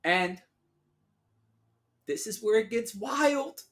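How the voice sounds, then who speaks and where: Solo podcast host, mid-pitched voice, sarcastic and slangy, riffs casually straight to the listeners. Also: expressive, slow pace. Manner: sarcastic, laughs at own remarks; slangy, addresses listeners as y'all.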